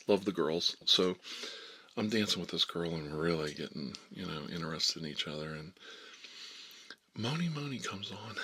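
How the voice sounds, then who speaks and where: A man in his fifties, a life coach telling a story in a soft-spoken ASMR style, drifting between whispers and low murmurs. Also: lively intonation, moderate pace, long pauses, slightly rough. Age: 50s.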